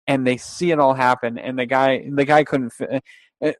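A man's voice: mid-range voice, steady tone, normal speed, no echo. A young man telling a long casual story with restarts and quotes, in a dry, close recording. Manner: rambling, with restarts, laughs and acted-out quotes.

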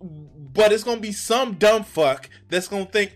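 A man with a fairly high voice comments on a debate clip for his stream. He sounds exasperated and swears often, and faint music plays behind him. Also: lively intonation, moderate pace, hardly any pauses. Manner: exasperated, profane, talks back to the clip. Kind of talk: casual reaction commentary.

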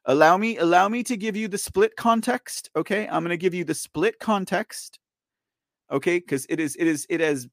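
A livestream news show host delivers exasperated live commentary, reading chat, laughing often and repeating himself to his viewers. He has a high-pitched voice with vocal fry at a moderate pace, in clean studio sound with no room sound.

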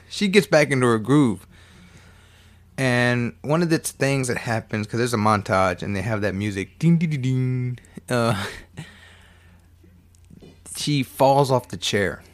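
Rambling, swearing man recapping a movie. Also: mid-range voice. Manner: rambling, swearing, joking asides. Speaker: movie reviewer. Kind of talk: casual profane movie recap.

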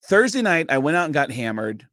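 A man guesting in a studio, telling a long story in an animated, casual way and swearing freely. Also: a little high, fairly quick, no echo. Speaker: comedian and impressionist guest.

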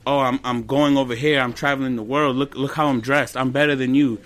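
Man, twenties, comedian podcast guest, animated storytelling, slang and Spanish bits, medium pitch. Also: a little fast. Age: 20s. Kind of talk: casual podcast chat.

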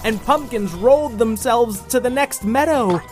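A woman's voice: a little high, animated, unhurried, a little mellow, soft background music. Playful woman improvising a kids' story. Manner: playful, stammering restarts. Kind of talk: improvised children's story with voices.

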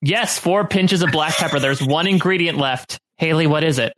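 A man's voice: a little high, moderate pace, a bit bright. A man hosting a casual chat, quizzing his co-hosts and reading aloud in a playful way. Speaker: podcast host.

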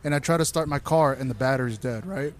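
A fast-talking man with a mid-range voice recounts wild nights through loose, profane, animated anecdotes. It's easygoing conversation built around storytelling.

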